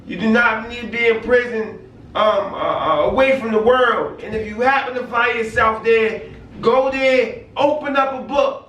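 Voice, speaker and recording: A man's voice: very high voice, normal speed, fairly bright tone. A man telling his own story and urging listeners to better themselves, often adding "you know what I mean". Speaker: guest sharing life story. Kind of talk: casual conversation. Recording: roomy sound from a distant mic with faint noise.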